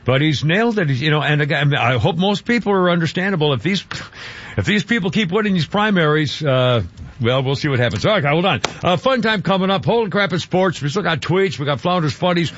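A man's voice: fairly high pitch, lively intonation, fairly quick, a bit bright, slight background noise. An older man hosting talk radio, rambling through commentary and a live ad read with many fillers and restarts. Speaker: radio talk show host. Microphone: studio microphone. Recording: dull studio radio sound.

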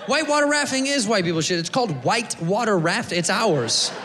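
A man doing a loud, profane stand-up set, talking straight to the audience. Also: high-pitched, moderate pace. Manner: loud, profane, animated, talks to the crowd. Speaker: stand-up comedian. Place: comedy club stage. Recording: echoey club with laughing crowd.

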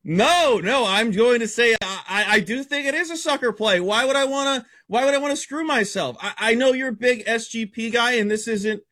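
A man's voice: very high voice, brisk, few pauses, pushed and bright. A man appearing as a sports betting analyst on a radio show, rattling off stats and picks in a blunt, brash, competitive way. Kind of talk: fast stat-heavy sports betting talk.

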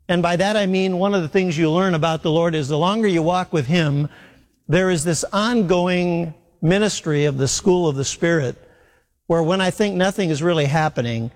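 A man's voice: a little high, long reverb tail. A man preaching a sermon in an earnest way, repeating his key phrases for emphasis.

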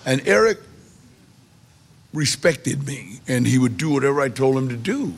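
A man in middle age telling a personal story in a casual, animated way, acting out the voices of people he quotes. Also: mid-range voice, moderate pace, vocal fry, slightly rough. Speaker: guest storyteller.

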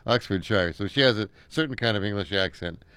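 An older American man chatting casually, rambling and chuckling, pausing often with halting fillers. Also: fairly low pitch, fairly bright tone, smooth, dry recording. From United States. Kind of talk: casual chat.

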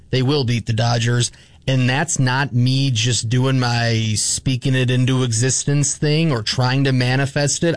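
A man's voice: medium pitch, no room sound. A man hosting a sports radio show, signing off in an emphatic, upbeat way. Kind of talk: show sign-off.

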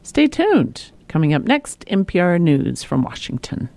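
A woman's voice: lowish voice, very animated, unhurried, vocal fry, warm tone, dry recording. A woman radio host interviewing a guest and signing off in a friendly, conversational way.

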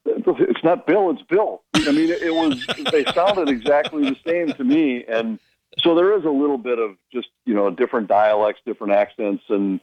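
A man who works as a hockey broadcaster, chatting casually on a radio show and telling anecdotes with quick imitations of the people he quotes. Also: medium pitch, darkish tone, poor audio. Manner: storytelling, mimics others' voices in quotes.

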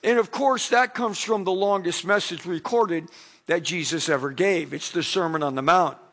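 Middle-aged male pastor, high voice, lively sermon delivery that acts out quoted lines. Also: moderate pace.

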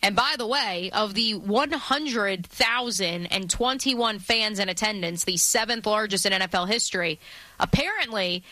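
Bright-voiced woman co-hosting sports radio. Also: medium pitch, moderate pace, dry recording. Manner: chatty, playful, trying out accents. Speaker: radio sports show co-host. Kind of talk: casual sports radio banter.

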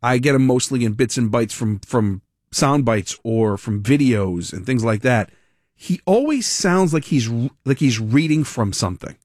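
Guy ranting on talk radio, sarcastic, rambly, mid-pitched, dry mic. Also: measured pace, no echo. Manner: animated, rambling, sarcastic, with mock impressions. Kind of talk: opinionated political commentary.

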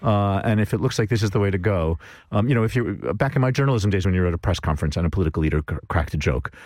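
Man, very low voice, rapid talk, dry humor, panel guest. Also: animated, darkish tone, no echo. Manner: brisk, dryly humorous. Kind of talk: conversational studio discussion. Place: studio.

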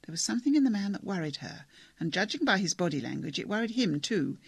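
A man giving measured, wry scripted narration of a novel. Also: high-pitched, very animated, vocal fry, breathy edge, dry recording. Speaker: audiobook narrator.

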